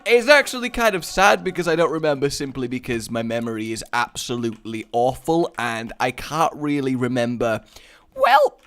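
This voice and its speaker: A man's voice: mid-range voice, big pitch swings, moderate pace, fairly bright tone, clean tone. Rambling jokey young man, game commentary. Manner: rambling, jokey, easily sidetracked. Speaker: let's play host. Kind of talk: casual gameplay commentary.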